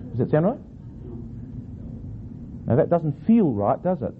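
Man, bible teacher, slow reading of verses, questions to the class, thin phone-like sound, faint hiss. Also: a little high, sing-song. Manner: reads verses aloud slowly, then asks the class questions. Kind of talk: teaching scripture reading with varied emphasis. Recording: tinny phone-like recording with faint noise.

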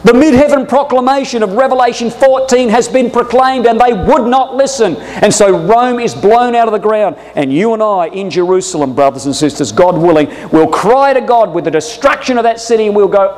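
A man preaching with a notably high voice, moving between quiet, hushed asides and emphatic, stirred outbursts. His sermon rings out in a hall with a long echo. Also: animated, moderate pace.

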